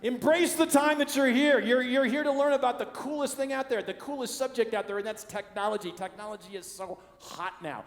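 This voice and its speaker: A middle-aged man from the Chicago area doing a stand-up comedy routine, animated and acting out the voices of people in his stories. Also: very high-pitched, brisk, hardly any pauses. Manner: animated, acts out quoted voices. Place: large conference hall stage. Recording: long reverb of a large hall.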